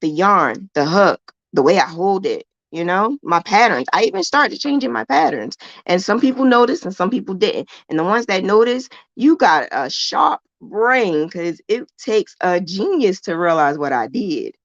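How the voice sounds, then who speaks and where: A woman's voice: mid-range voice, expressive, normal speed, few pauses, dry recording, lo-fi sound. A woman hosting a casual crochet livestream lesson, chatty, emphatic and self-assured, repeating points for emphasis in colloquial speech. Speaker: crochet teacher and livestream host.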